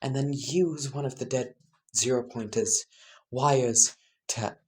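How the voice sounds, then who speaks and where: A woman's voice: very deep voice, slow pace, darkish tone. A woman casually narrating a made-up fan story, rambling, correcting herself and laughing at her own jokes.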